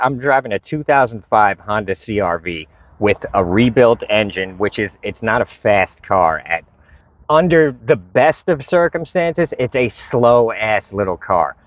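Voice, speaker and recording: Brief: low-voiced man, frustrated and profane casual storyteller, dry muffled lo-fi recording. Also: no room sound. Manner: frustrated, profane, retells conversations. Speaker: vlogger. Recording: dull lo-fi recording.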